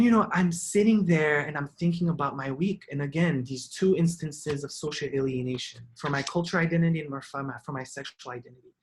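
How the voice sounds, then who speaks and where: A young man from Haiti giving an artist talk, telling his own story in an earnest, reflective way, often restarting and repeating words. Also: on the high side.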